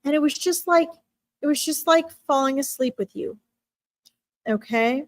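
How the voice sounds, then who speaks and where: On a live stream, a woman with a slightly high voice gives a heartfelt reading about an animal. Her delivery is gentle and emotional, with frequent pauses and restarted sentences. The recording is dry and close-miked, free of any room echo.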